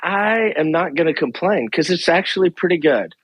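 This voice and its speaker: A man's voice: on the high side, normal speed, husky, no room sound, low-quality recording. A middle-aged man, a therapist guest on a podcast, chatting casually and telling stories with quoted asides. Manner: animated, laughing, storytelling with quoted asides.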